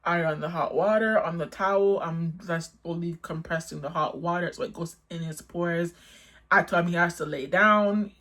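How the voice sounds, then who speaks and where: In a lively, casual storytime, a woman keeps saying "like" and her voice darts upward, rising high each time she repeats what she herself said.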